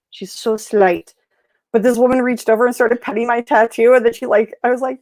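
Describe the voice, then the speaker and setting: A woman hosting a casual livestream chat, telling stories in a lively way and acting out the people she quotes. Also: a little high, brisk, dry recording. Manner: chatty storyteller, animated quoted voices. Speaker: host.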